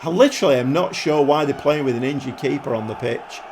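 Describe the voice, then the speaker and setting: A man commentating his football management game like a pundit, breaking into excited outbursts at the goals. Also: medium pitch, quick pace, a little hiss or hum. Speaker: gaming YouTuber.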